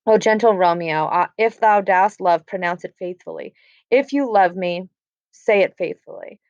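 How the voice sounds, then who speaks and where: A woman's voice: mid-range voice, moderate pace, darkish tone, no echo, close to an everyday voice. Juliet, a forward young noblewoman, read by a woman. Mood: earnest. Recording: dry, slightly dull recording.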